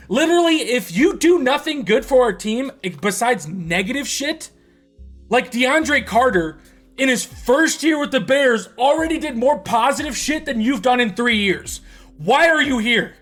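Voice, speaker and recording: A man's voice: very high-pitched, lively intonation, moderate pace, fairly bright tone, soft background music. A man giving a profane, exasperated fan rant about his football team. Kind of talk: sports reaction rant.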